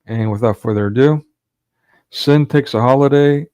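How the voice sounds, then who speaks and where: A man's voice: medium pitch, normal speed, darkish tone, clear, resonant tone, no room sound. A man hosting a livestream watch party, preaching with fervent, rhetorical force. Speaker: livestream host.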